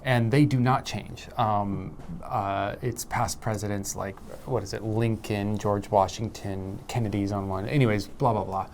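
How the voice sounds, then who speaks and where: A man's voice: fairly low pitch, steady tone, a little slow, hardly any pauses, a little mellow, a little hiss or hum. An American man co-hosting a casual English-learning chat, joking playfully and laughing easily. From United States. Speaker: podcast co-host.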